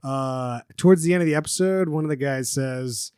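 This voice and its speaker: A man's voice: medium pitch, moderate pace, darkish tone, clear, resonant tone, dry recording, clean studio sound. A man hosting a casual podcast chat, laid-back and reading quotes from his notes. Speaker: podcast host.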